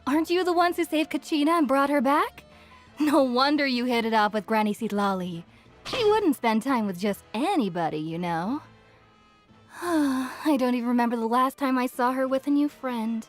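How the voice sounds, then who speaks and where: A woman's voice: high-pitched, animated, moderate pace, soft background music. An actress voicing a friendly, chatty young female tavern keeper who talks politely and likes to gossip. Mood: friendly, gossipy. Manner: polite, gossipy, warm to customers.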